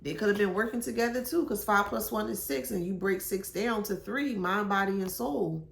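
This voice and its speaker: A woman's voice: medium pitch, moderate pace, gravelly, echoey room, slight background noise. A woman doing a casual tarot reading, musing aloud in slangy speech with sudden exclamations. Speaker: tarot reader.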